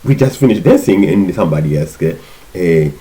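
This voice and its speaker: A man giving an informal language lesson, patiently repeating words in slow drills. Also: sits low, lively intonation, dark tone, poor audio. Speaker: language teacher.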